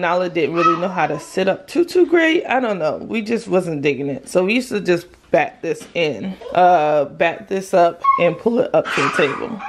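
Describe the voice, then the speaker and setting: A young woman talks through a hands-on demo for her mom vlog, chatty and practical. Her voice sits a little low. A faint hiss hangs under the camera mic indoors. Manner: chatty, explains hands-on while handling a stroller. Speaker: mom vlogger.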